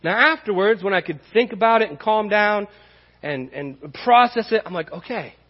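A high-pitched man speaks at a normal speed, preaching a sermon as a pastor in an impassioned, conversational way that rises to emphatic peaks. He is in a church sanctuary, and the recording has the dull reverberation of a church hall.

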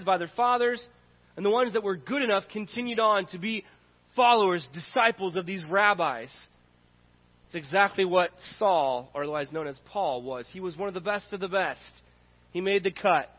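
Earnest high-voiced man preaching. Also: moderate pace. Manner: earnest, repetitive preaching cadence. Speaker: pastor. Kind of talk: sermon. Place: church sanctuary. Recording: dull audio in a reverberant hall.

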